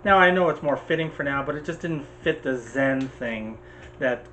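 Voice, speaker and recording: A man's voice: medium pitch, a little hiss or hum, low-quality recording. Opinionated man chatting about movies. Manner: animated, opinionated, quick asides. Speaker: podcast co-host. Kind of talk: casual movie chat.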